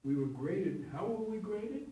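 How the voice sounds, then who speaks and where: His voice sits high, with lively intonation, a measured pace and a warm tone. A man in his seventies who acts on stage and teaches acting, he rambles through anecdotes in an interview, chuckling and fixing his own words, captured by a distant mic in a room with echo.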